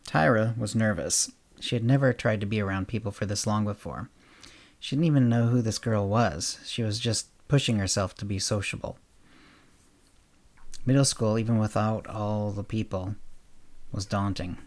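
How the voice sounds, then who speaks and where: A lower-voiced man hosts and reads a short story aloud. He raises his pitch and energy for the two schoolgirls' lines, then sinks to a soft, quiet telling for the narration. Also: normal speed. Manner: lifts his voice for the girls' dialogue, drops low and quiet on narration. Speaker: podcast host and narrator. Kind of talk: scripted story narration with character dialogue.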